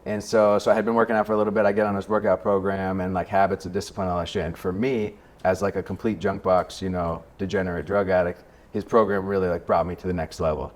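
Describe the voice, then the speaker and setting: A man's voice: deep voice, flat delivery. A young man telling his story in casual chat, swearing freely and acting out what others said. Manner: fast, profane storytelling, acts out quotes. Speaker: coach and podcast guest.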